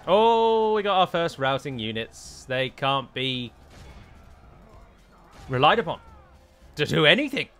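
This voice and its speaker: British male let's-player, bright and fairly high, exasperated and sweary. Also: big pitch swings, takes it slowly, pauses often. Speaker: strategy game let's-player. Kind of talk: gameplay commentary.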